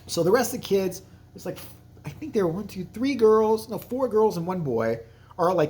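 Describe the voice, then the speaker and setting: A man's voice: high voice, expressive, moderate pace, darkish tone. A man hosting a casual movie review vlog, crude, rambling and jokey, acting out scenes in voices. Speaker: channel host, movie reviewer.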